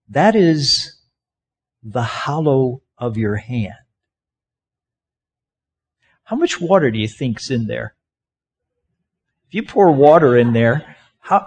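Preaching with a medium-pitched, breathy-edged voice, this pastor keeps his sermon conversational. He poses questions to the congregation and gets listeners to act out gestures with their hands while he talks.

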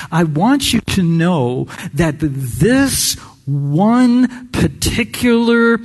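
A man preaching a sermon in a slow, folksy storytelling way, often clearing his throat. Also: high voice, big-room sound.

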